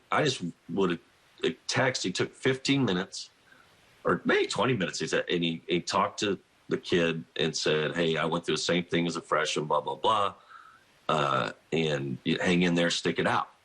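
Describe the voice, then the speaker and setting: In a deep, sharp, husky voice, a middle-aged college basketball coach rambles through anecdotes during a phone-in radio interview. He often restarts sentences and laughs as he tells his stories.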